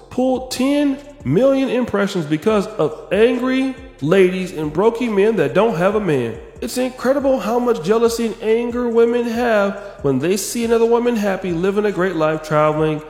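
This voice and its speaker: Brash, boastful braggart voiced by a man, high and sneering. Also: lively intonation, moderate pace, few pauses, darkish tone, roomy sound, in a large hall.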